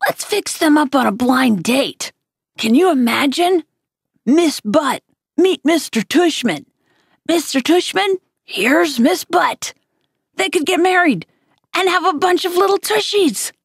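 A woman reading the part of a playful, joking father who teases excitedly. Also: high voice, unhurried, gravelly, dry recording, clean studio sound, pitched above the performer's own voice, exaggerated voice. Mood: teasing. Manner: excited, teasing.

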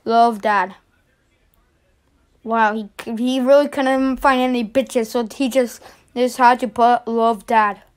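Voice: mid-range voice, steady tone, slow, clean tone, soft background music. A reaction video host giving casual commentary, stammering and swearing in exasperation.

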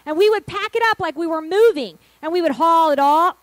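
A woman's voice: extremely high pitch, brisk, no room sound, rough recording. A middle-aged woman pastor telling her church's story in a sermon, acting out what people said. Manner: animated storytelling, acting out quotes.

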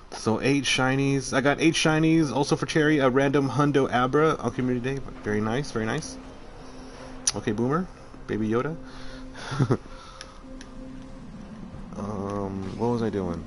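A man's voice: medium pitch, a little slow, long pauses, faint music behind. A man live-streaming a game, chatting casually with viewers, swearing freely and talking to himself as he plays. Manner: chatty, profane, talks to chat while playing. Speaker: streamer playing a game and reading chat.

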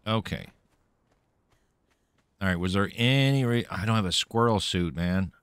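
A man's voice: lowish voice, animated, unhurried, a bit bright, clean tone, no room sound. A man streaming a video game, playfully talking to himself and taunting the enemies he meets, a little caffeinated. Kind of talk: let's-play gameplay commentary.

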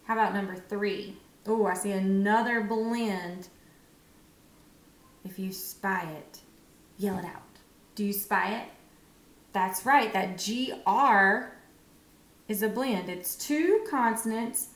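A woman teacher giving a phonics lesson to young children, encouraging and sounding out words with pauses. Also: medium pitch, fairly bright tone. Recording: echoey room.

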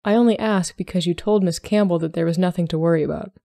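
A woman reading a story aloud, voicing a reserved young gentleman at a ball who speaks evenly and gravely. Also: lowish voice, fast, no echo, studio quality, natural voice. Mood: level. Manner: even, grave.

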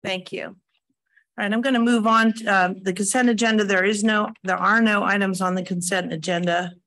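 A woman chairing a county planning commission meeting, moving through the agenda in a relaxed, slightly halting way. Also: medium pitch.

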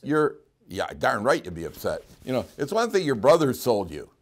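A man teaching a Torah class as a rabbi, telling stories in a lively way, acting out quotes and often laughing. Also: mid-range voice, moderate pace. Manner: animated storyteller, acts out quotes and laughs often. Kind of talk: storytelling Torah lecture.

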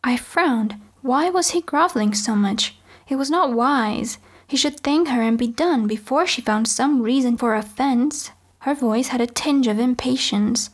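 A woman reading a novel aloud as an audiobook, in measured first-person storytelling. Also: a little high. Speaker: audiobook reader. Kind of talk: audiobook narration.

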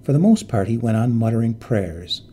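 A man narrating a ghost story in an expressive, dramatic reading voice. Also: mid-range voice, normal speed, husky.

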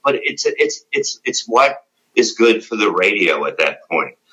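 A man's voice: fairly low pitch, big pitch swings, a little slow, bright, forceful tone, rough recording. A middle-aged man telling a rambling, profane story in casual conversation, with lots of fillers. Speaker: former radio show regular, guest.

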